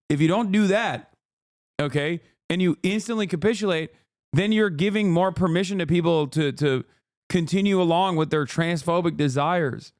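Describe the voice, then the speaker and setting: A man's voice: on the high side, expressive, normal speed, dry recording, clean studio sound. A man streaming live, reacting to the news in a profane, exasperated rant to his chat.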